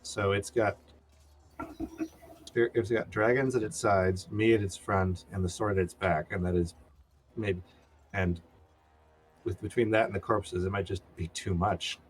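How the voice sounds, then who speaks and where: A man playing a tabletop game, measured and thinking aloud with pauses. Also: lowish voice, fairly even intonation, slight background noise. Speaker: player. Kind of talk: casual tabletop play.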